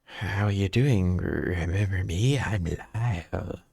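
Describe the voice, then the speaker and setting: A man voicing a shy, light-sensitive male creature who is awkwardly flirty, speaking in a hushed, drawn-out way. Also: sits low, gravelly, slightly rough, dry recording, clean studio sound, exaggerated voice. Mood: bashful. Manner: soft-spoken and bashful.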